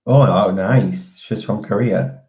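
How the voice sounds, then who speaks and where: A man's voice: lowish voice, slow pace, a little mellow. A man chatting casually with viewers on a live stream, rambling with lots of fillers and restarts. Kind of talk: casual chat. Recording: dull lo-fi audio.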